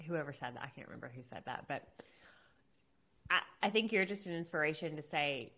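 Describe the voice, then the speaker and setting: A woman hosts a podcast interview, her voice lower-pitched yet bright and clear. She keeps things friendly and conversational, laughing along with her guest. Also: animated, a little fast. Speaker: podcast host, marketer.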